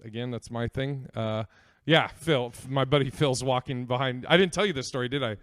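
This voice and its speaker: A man's voice: medium pitch, a little fast, a bit bright, dry recording, studio quality. A young man hosting a podcast, telling a story in a rambling, profane way with lots of fillers. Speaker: podcast host. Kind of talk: comedic storytelling.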